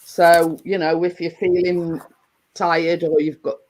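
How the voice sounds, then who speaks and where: This is a woman hosting a casual live chat for her viewers. She talks slowly and rambles, circling back and restarting her sentences with plenty of fillers. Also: lowish voice, flat delivery, darkish tone, poor audio. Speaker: livestream host.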